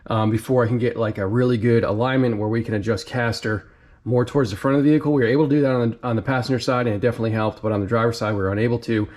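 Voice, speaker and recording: A man's voice: mid-range voice, darkish tone. Young dude vlogging in his garage, chill, stoked slang, camera mic. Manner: enthusiastic, laid-back slang. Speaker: car modding vlogger. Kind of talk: casual garage vlog.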